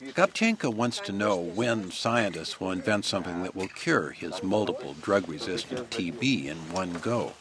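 A male radio reporter giving measured, descriptive scripted news narration. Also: sits low, animated, crowd noise.

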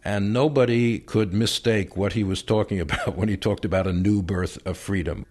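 A man, a historian guest on a radio interview, explaining in a measured way and chuckling now and then. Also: on the low side, a little mellow. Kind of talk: radio interview, then reading a speech aloud.

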